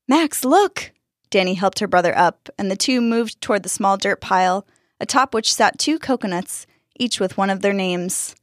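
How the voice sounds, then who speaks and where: A woman's voice: mid-range voice, no room sound, clean studio sound. A woman reading a spooky children's story aloud, narrating expressively and lifting her voice for the characters.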